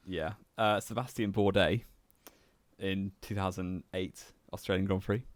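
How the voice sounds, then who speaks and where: Young man, low voice, dry teasing co-host, dead-dry close recording. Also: steady tone, a little slow, no room sound. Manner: dry, teasing, laughs often. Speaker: podcast co-host. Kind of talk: casual chat.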